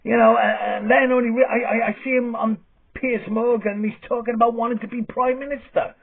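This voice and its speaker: A man's voice: very high voice, little pitch movement, a little fast, creaky, slightly rough. Exasperated, sweary man ranting. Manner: exasperated, sweary, stammering restarts. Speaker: satirical vlog host. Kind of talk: comic rant. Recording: lo-fi phone-like sound.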